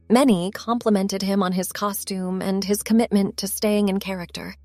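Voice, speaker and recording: A woman reading a story in calm, scripted narration. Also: medium pitch, no room sound.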